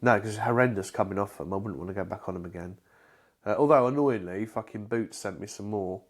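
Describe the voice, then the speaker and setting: A man co-hosting a casual chat podcast, talking in a halting way with lots of restarts and swearing. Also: fairly low pitch. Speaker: podcast co-host.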